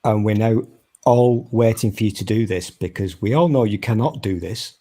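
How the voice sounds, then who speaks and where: A man's voice: fairly low pitch, normal speed, dark tone, husky. A British man from Britain joking around with friends on a live stream in a teasing, mock-stern way. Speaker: regular co-host. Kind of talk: casual live stream banter.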